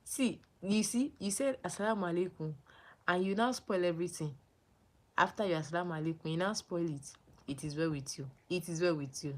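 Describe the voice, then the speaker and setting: Young woman from nigeria, livestream host, chatty, repeats names, lowish voice. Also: brisk. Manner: animated, repeats names and phrases, greets viewers. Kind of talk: casual livestream chat reading viewer comments.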